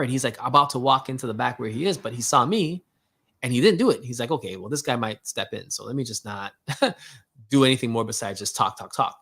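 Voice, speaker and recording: A man with a gravelly, creaky voice at an ordinary middle pitch, talking through a personal story in loose, slangy speech. He animates both sides of the exchange and fills his sentences with "like" and "yo." He is reflecting on what the encounter meant spiritually. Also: a bit bright. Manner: casual slangy talk, many "like" and "yo" fillers. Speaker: host.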